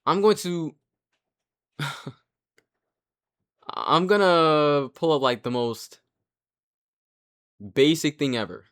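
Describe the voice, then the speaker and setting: A young man giving casual commentary, rambling and excitable, with frequent restarts and casual swearing. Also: a little high, extremely slow, long pauses, smooth. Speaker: anime commentary creator.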